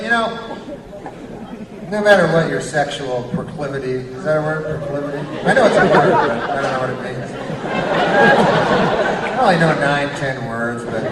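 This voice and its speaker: A man delivers a stand-up routine in a rambling, halting, deadpan way, his pitch rising and falling widely. He is heard from a distance in a roomy club with a long echo. A loud audience laughs behind him. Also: heavy background noise. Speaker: stand-up comedian. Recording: roomy club sound from far off with loud crowd.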